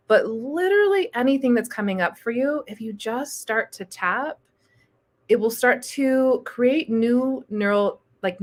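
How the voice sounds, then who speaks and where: A woman coaching viewers on EFT tapping during a casual live stream, chatty and reassuring, with frequent fillers. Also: mid-range voice. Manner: relaxed, encouraging, chatty with fillers.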